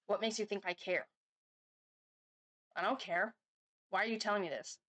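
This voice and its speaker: Chatty woman rambling through a story. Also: a little high. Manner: rambling storyteller, chatty with frequent fillers and restarts. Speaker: reaction vlogger. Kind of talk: casual chat.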